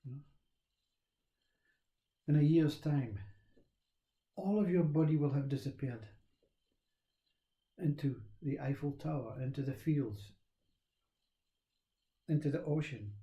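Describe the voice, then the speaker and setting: A man teaching self-inquiry in a slow, repetitive, reflective way. His voice is fairly high for a man but very dark and mellow in tone. The recording sounds roomy and echoey. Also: muffled recording. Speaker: spiritual teacher. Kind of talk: spiritual talk on self-inquiry.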